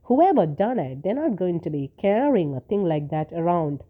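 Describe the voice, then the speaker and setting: A woman reading a story, voicing hungry male policemen who chat casually and gruffly while eating. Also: fairly low pitch, sing-song, normal speed. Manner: casual and gruff, talking with mouths full. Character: hungry male policemen chatting over dinner. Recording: tinny phone-like sound.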